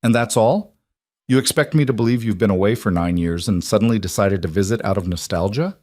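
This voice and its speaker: A man playing a calm, menacing mob boss with a Russian accent, recorded dry and close. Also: lowish voice, brisk, dry recording, close to an everyday voice.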